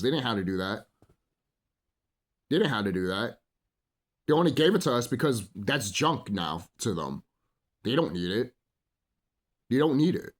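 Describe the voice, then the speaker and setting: A man hosting his own channel, talking in a rambling, emphatic monologue full of swearing and repeated "you know?" asides. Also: mid-range voice. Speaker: channel host. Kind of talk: casual unscripted monologue.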